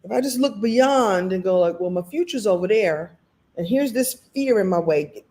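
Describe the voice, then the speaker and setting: Animated woman coaching with playful asides. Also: medium pitch, moderate pace. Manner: animated, playful asides, laughs often, acts out little scenes. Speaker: motivational coach hosting a live recap. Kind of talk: lively motivational talk to an online audience.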